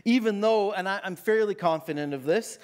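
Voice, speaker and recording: A man with a notably high-pitched voice gives a Sunday sermon. He talks casually, jokes at his own expense, and keeps a conversational tone with the congregation. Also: a little fast, a little mellow. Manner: casual, self-deprecating and joking. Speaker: pastor. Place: church.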